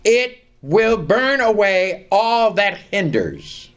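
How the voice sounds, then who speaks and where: Very animated and sitting high in pitch, a man preaches by reading scripture aloud, leaning deliberately on key words as the congregation repeats lines after him.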